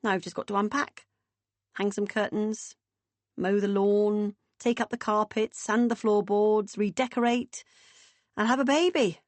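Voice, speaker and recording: A woman's voice: mid-range voice, fairly even intonation, unhurried, dry recording, close to an everyday voice. A woman doing a wry young pregnant woman. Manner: dry, wry humor.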